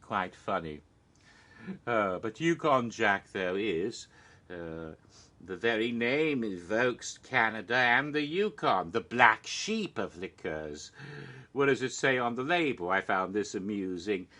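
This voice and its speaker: A man's voice: lowish voice, very animated, slow pace, sharp tone. A man hosting a casual cocktail-making show, rambling through asides and punning, chuckling at his own jokes with mock alarm.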